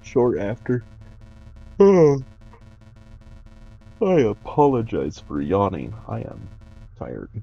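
A man voicing a tired, courteous older townsman in a game who speaks slowly and kindly. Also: lowish voice, huge pitch swings, vocal fry, highs cut off, faint music behind, voice pushed up, exaggerated voice. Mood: somber. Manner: slow, sleepy, courteous.

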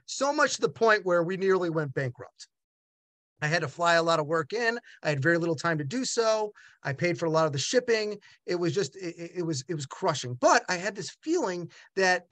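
A middle-aged man, a gallery owner, telling a personal story in an animated way with many halting restarts. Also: high-pitched, no room sound. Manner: animated, acts out other voices in quotes. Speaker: gallery owner and art dealer.

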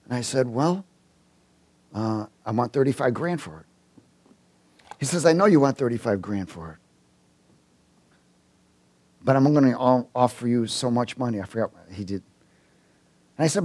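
A man preaching a sermon, telling a personal story and acting out the dialogue in it, with halting restarts and chuckles. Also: medium pitch. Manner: animated storyteller, acts out dialogue.

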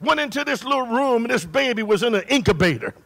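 Male pastor, very high gravelly voice, preaching a sermon with shouted singsong peaks. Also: animated, quick pace. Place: church. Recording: live church recording.

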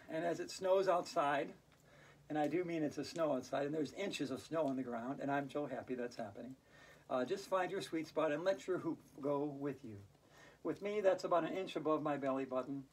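A woman's voice: deep voice, moderate pace, a little hiss or hum. Playful woman leading hula hoop yoga. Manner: playful, laughs out loud on cue; chants rhyming verses in a sing-song. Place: indoors while it snows outside. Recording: voice from a distance off the mic.

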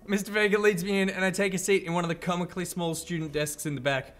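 Playful male let's-play host, reads game text with jokes, a touch high, faint music. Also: steady tone, fast, few pauses, fairly bright tone. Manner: playful, jokey, laughs easily. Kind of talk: reading game text aloud with banter.

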